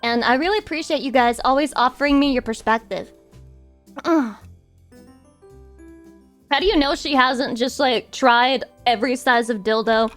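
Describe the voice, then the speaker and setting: A young woman with a high voice chats casually with her stream viewers, playful and teasing. She breaks now and then into sudden squeaky outbursts. Faint music plays behind her. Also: moderate pace, long pauses, a bit bright. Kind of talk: casual chat reacting to viewers.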